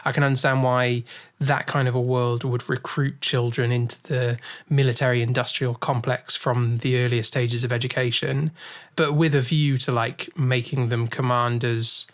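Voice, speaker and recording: Male podcast co-host, mid-pitch, casual, rambly and full of fillers. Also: flat delivery, normal speed, a bit bright. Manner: thinks aloud with many fillers and restarts. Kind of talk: casual film discussion.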